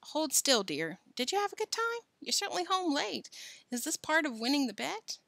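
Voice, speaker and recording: A woman voicing a wry, gently teasing mother in a storybook reading. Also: high-pitched, big pitch swings, normal speed, creaky, no echo, voice pushed up, heavily acted. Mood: fussing.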